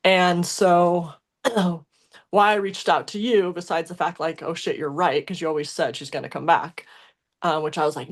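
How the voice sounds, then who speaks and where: A young adult woman on a podcast, talking in a casual, emotional way about a past relationship, with lots of fillers and restarts. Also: on the low side. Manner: emotional, rambling with many fillers and self-corrections. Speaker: podcast co-host. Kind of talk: casual conversational storytelling.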